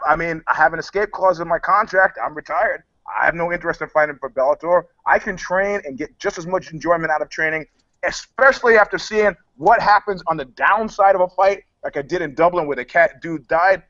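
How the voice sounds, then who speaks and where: Picture a man with a high, bright voice, telling loose, profane stories and jumping between characters as he acts out both sides of a dispute. He sits close to a dry, slightly dull podcast mic. He co-hosts an MMA chat show. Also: brisk, no echo. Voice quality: animated storyteller, voicing the people in his anecdotes. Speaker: podcast co-host, MMA pundit. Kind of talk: casual, profane chat, acting out the other side of a dispute.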